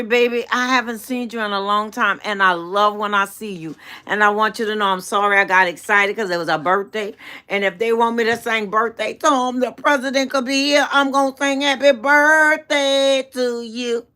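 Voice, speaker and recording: A woman's voice: medium pitch, pushed and bright. A middle-aged woman hosting a casual live stream, chatting with viewers in a rambling, affectionate way, calling them baby and adding faith-based encouragement. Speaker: channel host.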